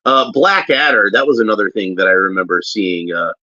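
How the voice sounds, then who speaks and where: A man giving casual, halting unboxing commentary as a toy reviewer, often restarting as he handles a figure. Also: on the low side, animated, sharp tone, no room sound. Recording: dull lo-fi recording.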